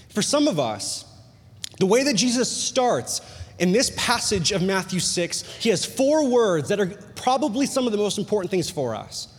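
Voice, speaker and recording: A male pastor preaching a sermon, telling a personal story with animated jokey asides and bursts of excitement. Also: high-pitched, moderate pace. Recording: long hall reverb.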